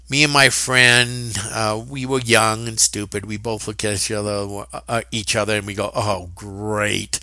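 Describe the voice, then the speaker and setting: Chatty man with a bright, clear voice. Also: medium pitch, dry recording. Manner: chatty anecdotal telling with fillers and acted quotes. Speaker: real estate agent. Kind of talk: casual storytelling.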